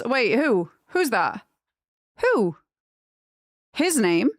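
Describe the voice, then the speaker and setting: A young woman chatting casually on a live stream, rambling and gushing when excited. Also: fairly high pitch, extremely slow, dry recording, clean studio sound.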